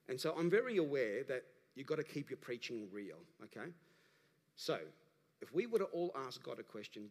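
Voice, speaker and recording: A man, a pastor delivering an animated sermon that rises to emphatic calls to the congregation. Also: medium pitch, moderate pace. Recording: preached in a large reverberant church hall.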